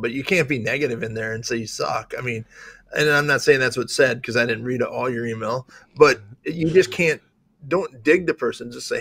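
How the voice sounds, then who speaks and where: A middle-aged man with an Upper Midwest accent and a gravelly edge, chatting as a sheriff co-host. He rambles cheerfully and restarts sentences as he goes. The sound is dry and close. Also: mid-range voice, expressive, a little fast, fairly bright tone, no room sound. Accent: Upper Midwest American. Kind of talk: casual chat.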